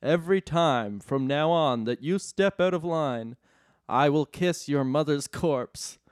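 A man voicing a stern, bossy Santa Claus who talks slowly and emphatically. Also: fairly high pitch, expressive, dry recording, clean studio sound. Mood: menacing.

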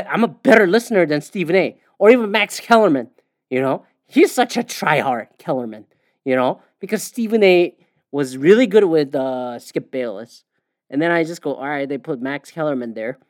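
A man's voice: a little high, no room sound. Profane ranting man, dry close mic. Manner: profane, ranting, with frequent fillers. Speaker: podcast host. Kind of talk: casual sports rant.

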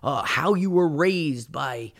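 A man's voice: on the high side, animated, slow, a bit bright. A middle-aged man giving an earnest, emphatic solo podcast talk as a motivational speaker, often saying "man".

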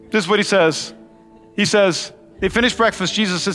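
A male pastor preaching a sermon in a large church hall, animated and acting out quotes in different voices. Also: high voice, fast talker. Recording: long hall reverb with faint music.

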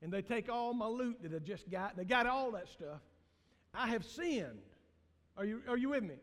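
High-voiced Southern pastor preaching in a church hall. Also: male voice, expressive, normal speed. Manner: preaching with big swings from loud shouting to hushed low tones. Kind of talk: sermon. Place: church sanctuary.

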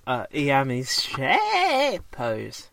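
A man's voice: medium pitch, wildly swooping pitch, extremely slow, vocal fry, fairly bright tone. A man chatting casually as a co-host, rambling and hesitant with many fillers and restarts. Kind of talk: casual chat.

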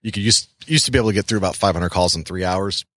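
Very deep-voiced male podcast guest. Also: fairly bright tone, a little hiss or hum. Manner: advice-giving, slips into quick mimicked voices. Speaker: podcast guest, real estate wholesaler. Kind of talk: casual interview chat.

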